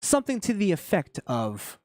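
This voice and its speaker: A man's voice: high voice, huge pitch swings, moderate pace, a little mellow, dry recording, studio quality. A man hosting a podcast, giving opinionated political commentary in an emphatic way, repeating his points with frequent restarts. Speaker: podcast host.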